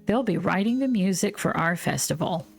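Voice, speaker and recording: A woman's voice: lowish voice, lively intonation, normal speed, vocal fry, faint music behind. A woman reading a kindly older village woman. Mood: gentle.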